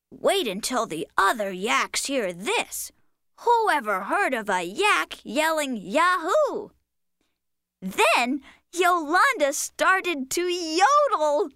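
A woman's voice: high-pitched, bright, forceful tone, no echo, studio quality, heavily acted. A woman voicing a patient, playful cartoon critter who tells a bedtime story in a sing-song, coaxing manner. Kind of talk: children's cartoon voice acting.

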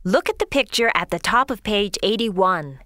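A woman narrating a scripted lesson as a teacher, clear and instructive, stressing example words. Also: mid-range voice, animated, moderate pace, pushed and bright, no echo, clean studio sound.

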